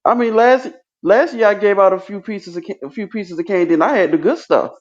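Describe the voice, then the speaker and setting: A man's voice: high voice, brisk. A man co-hosting a livestream in casual chat, rambling and full of fillers. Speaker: livestream co-host. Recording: dull lo-fi sound.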